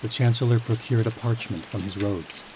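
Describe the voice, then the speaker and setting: A man narrating a fantasy audiobook in a calm, even storytelling manner. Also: fairly low pitch, normal speed. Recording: steady rain noise behind voice.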